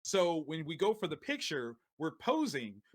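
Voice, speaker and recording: A man guest on a podcast, telling a story in an animated, slangy way and often laughing as he talks. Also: fairly high pitch, normal speed.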